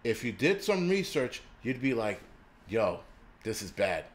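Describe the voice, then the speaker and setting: A man's voice: mid-range voice, very animated, unhurried. Heated, profane male livestream ranter. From United States. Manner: heated, profane, stammering restarts. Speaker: livestream host.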